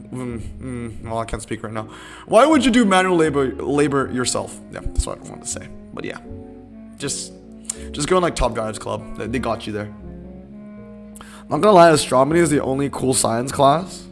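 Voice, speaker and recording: A young man live-streaming a racing game, chatting casually and answering his chat in a rambling, laid-back way. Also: mid-range voice.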